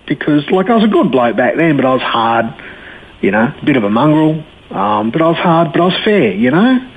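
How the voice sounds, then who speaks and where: A middle-aged man telling his life story to an interviewer, blunt and animated, acting out the people he quotes. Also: a little high, fairly quick, slightly rough. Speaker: guest. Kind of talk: personal testimony in an interview. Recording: tinny phone-line sound.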